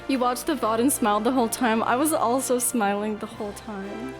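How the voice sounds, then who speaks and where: A woman's voice: fairly high pitch, fairly even intonation, a little fast, over music. A woman streamer chatting casually between game lines, laughing at herself. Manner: laughing, self-deprecating asides.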